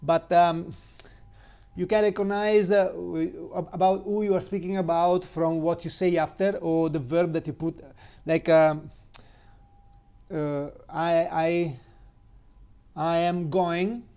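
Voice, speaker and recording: Slow, mellow Italian-accented man teaching. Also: on the high side, fairly even intonation, clean tone. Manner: halting, many fillers, spells words letter by letter. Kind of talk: informal language lesson.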